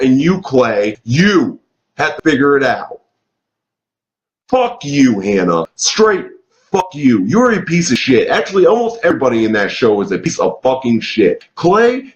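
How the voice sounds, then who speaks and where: A man's voice: mid-range voice, big pitch swings, normal speed, highs cut off. Foul-mouthed man ranting in a roomy echo. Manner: swears heavily, rants angrily with filler "like". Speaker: TV show reviewer. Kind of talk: profane ranting review.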